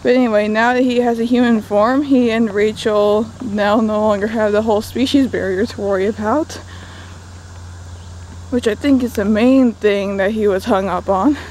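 A woman's voice: mid-range voice, fairly even intonation, normal speed, a little mellow, slight background noise, low-quality recording. A young woman casually recapping a book on a walk in the woods, with sarcastic asides, recorded on a phone. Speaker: book vlogger. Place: outdoors in woods.

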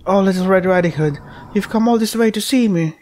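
A man's voice: high voice, a little fast, a little mellow, slight background noise, pitched above the performer's own voice, close to an everyday voice. A man voicing a wolf disguised as a doting old grandmother in a game, his voice raised and sugary.

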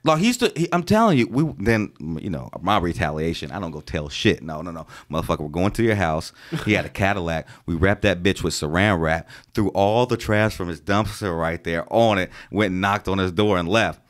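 A young man co-hosting a podcast, telling animated, profane stories in casual chat. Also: low-pitched, brisk, few pauses. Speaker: podcast co-host.

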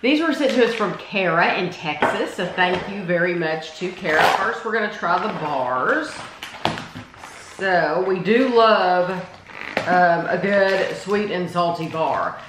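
A woman's voice: on the low side, expressive, measured pace. Chatty woman hosting a snack review. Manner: chatty, reads out labels, enthusiastic. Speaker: host. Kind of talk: casual taste-test review. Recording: echoey room with faint noise.

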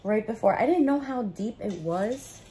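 A woman's voice: on the high side, animated, moderate pace, dark tone, slight background noise. A young woman, chatting casually between bites in a mukbang eating vlog. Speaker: food vlogger.

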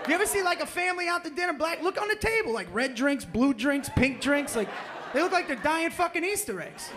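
A brash, profane man telling stand-up stories into a handheld mic on a club stage. His voice sits unusually high for a man. The room noise of a live club runs under him. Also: animated, fairly quick, crowd noise. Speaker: stand-up comedian. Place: comedy club stage in New York. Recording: noisy live club recording.

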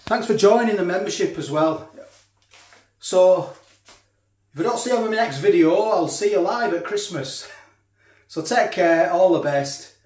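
A man's voice: sits high, animated, a little slow, long pauses, darkish tone. Chatty man in echoey kitchen. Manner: chatty, talks while eating. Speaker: food vlogger. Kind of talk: casual food review.

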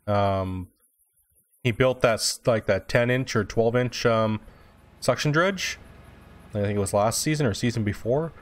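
A man's voice: medium pitch, measured pace, long pauses. A young man streaming a game, chatting loosely with viewers, swearing freely and answering chat as he plays. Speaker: gaming streamer. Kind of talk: casual live-stream chat.

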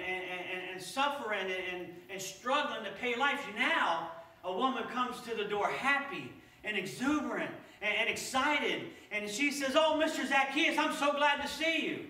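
A male pastor telling a story in a sermon, animated and repeating his words as he goes. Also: sits high. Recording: echoey church from far off.

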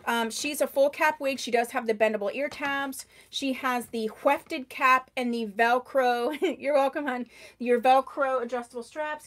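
A woman with a high voice runs a live-stream wig sale, talking into a microphone. She chats fast and gushes over each item, greets viewers by name, and tends to raise her voice. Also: steady tone. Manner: chatty, gushing over products, answering viewers by name; tends to talk loudly. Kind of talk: live-stream sales chat.

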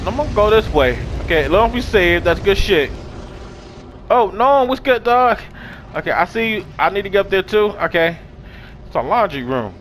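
A man giving casual, excitable let's-play commentary, swearing freely and talking to his viewers and the game's characters. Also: high voice, moderate pace, a little hiss or hum. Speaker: gaming video host.

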